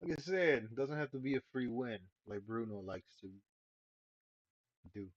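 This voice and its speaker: A man's voice: medium pitch, animated, moderate pace, slightly rough, no echo. A man giving casual live commentary while streaming a game, laid-back and profane, sighing often. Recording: dull lo-fi stream mic.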